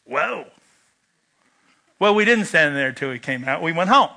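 A man's voice: fairly high pitch, measured pace, vocal fry. A man preaching a sermon, telling a personal story and acting out its lines. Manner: animated storyteller, shouts quoted lines. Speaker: pastor.

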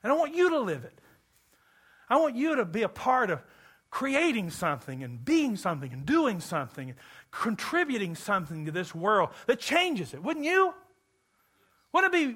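A man from Kentucky preaching a sermon to a church congregation, animated and joking with the listeners. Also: high-pitched, normal speed, breathy edge. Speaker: pastor.

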